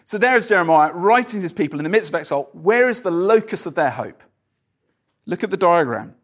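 A man leads a church Bible study, talking loosely with restarts and fillers. His voice sits a little high for a man. When he reads scripture aloud he turns energetic and emphatic. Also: a little fast. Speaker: preacher leading a Bible study. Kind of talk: interactive church teaching. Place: church gathering.

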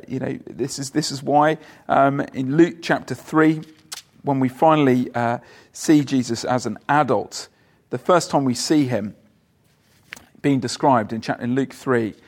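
A man preaching a sermon in a conversational way, asking his listeners questions and pausing on fillers. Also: medium pitch.

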